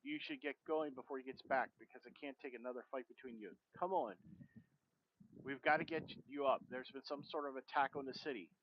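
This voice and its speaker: A man's voice: mid-range voice, fairly quick, natural voice. Give me an urgent, worried adult daughter, as a man reads her aloud, with faint hiss behind. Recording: dull lo-fi stream mic with faint noise.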